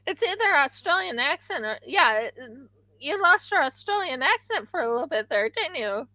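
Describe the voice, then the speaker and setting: A woman's voice: high-pitched, big pitch swings, moderate pace, bright, forceful tone, no echo, low-quality recording. A woman hosting a craft livestream, chatting casually and rambling with frequent restarts.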